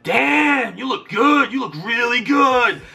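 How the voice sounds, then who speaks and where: A man voicing a brash, overfriendly male gym-goer who shouts out calls and drawls leering compliments in a much higher voice than his own. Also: animated, takes it slowly, vocal fry, exaggerated voice.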